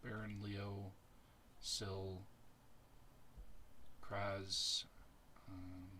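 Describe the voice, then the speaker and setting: Man, game master, measured narration, very slow pace, low pitch. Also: flat delivery, sharp tone, a little hiss or hum.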